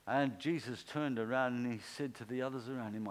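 A man's voice: brisk, hardly any pauses, poor audio. Man preaching a conversational sermon. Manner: conversational, acts out quoted speech with pitch swings. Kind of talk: informal sermon.

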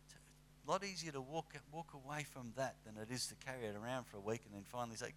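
Lively conversational male preacher. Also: medium pitch, a little fast. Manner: conversational, animated with acted asides. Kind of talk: sermon.

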